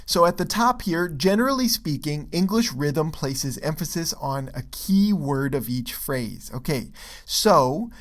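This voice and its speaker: A man's voice: on the high side, unhurried. A man teaching English pronunciation in a video lesson, explaining step by step and checking in often with "okay?" and "right?". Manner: relaxed, with frequent fillers and restarts.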